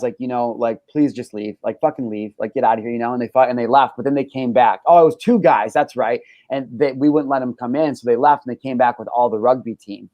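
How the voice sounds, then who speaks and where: Brief: male talk-show host, animated and profane storyteller, dry close sound. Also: medium pitch, dry recording. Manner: animated storytelling, heavy swearing. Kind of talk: casual chat.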